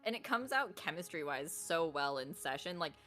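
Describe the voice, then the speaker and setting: Eager woman with a low, bright voice. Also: big pitch swings, normal speed. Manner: enthusiastic, stumbling restarts. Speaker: player of a tabletop game. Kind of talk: casual chat.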